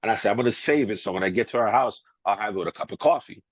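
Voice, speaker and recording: A laid-back middle-aged man with a fairly low voice chats through an interview, chuckling and dropping easy fillers. The sound is dry and a bit dull, with no room around it. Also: rapid-fire, slightly rough, dry recording. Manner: laid-back, laughs often, many "you know" and "man" fillers. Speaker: guest DJ. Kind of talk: casual storytelling interview. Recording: slightly dull, muffled audio.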